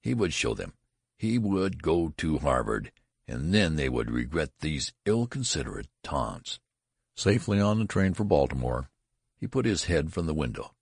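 A man narrating a story in a measured, expressive reading. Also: extremely low pitch, gravelly, breathy edge, dry recording, studio quality. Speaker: audiobook narrator. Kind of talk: scripted narration.

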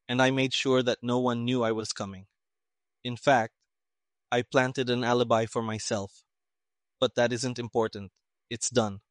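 Guy voicing a flat toneless detective dude, slow and measured, dry audio. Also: mid-range voice, no room sound, lightly acted. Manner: slow, deliberate, sparing with words. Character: calm toneless male civilian investigator.

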